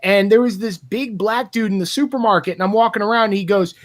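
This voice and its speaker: A man on a casual podcast, telling animated stories, acting out quotes and swearing freely. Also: high voice, fast talker. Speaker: podcast host.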